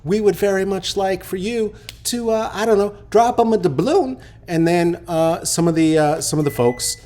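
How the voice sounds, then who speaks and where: The host is a man in his late forties with a high-pitched, mellow voice at a moderate pace. He runs an unscripted, casual podcast, joking, rambling and often saying um or starting over.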